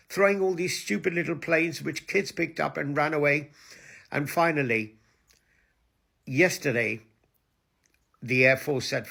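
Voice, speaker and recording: A man's voice: fairly high pitch, unhurried, gravelly, pauses often, pushed and bright, husky. A man hosting his own video channel, ranting crudely and mockingly to camera and switching between English and Hindi-Urdu. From Pakistan. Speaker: online video host.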